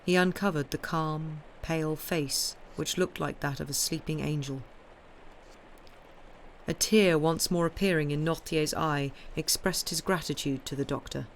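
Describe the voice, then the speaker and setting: A woman streamer reading a classic novel aloud in a steady, clear narration. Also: low voice, a little slow, a little hiss or hum. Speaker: audiobook reader and streamer.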